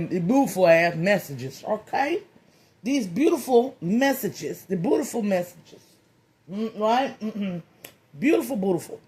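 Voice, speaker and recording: Playful and profane, this tarot reader jokes through a comic reading in loose slang, circling back to the same phrases again and again. Her voice is mid-pitched with a darkish tone.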